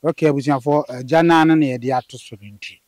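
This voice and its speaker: A man's voice: medium pitch, steady tone, quick pace, a little mellow, no room sound. A man interviewing a guest, cutting in with short follow-up questions and remarks. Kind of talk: interview prompting.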